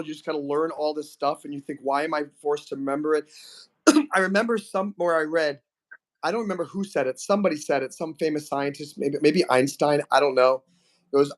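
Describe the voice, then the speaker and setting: A man in his forties hosting a live stream chat, rambling, enthusiastic and teasing. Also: a little high. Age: 40s. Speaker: host.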